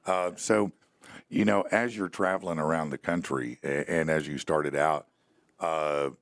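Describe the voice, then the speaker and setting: Halting, very low-voiced male host. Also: fairly even intonation, dry recording, studio quality. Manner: rambling, halting restarts. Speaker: podcast host. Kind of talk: casual interview chat.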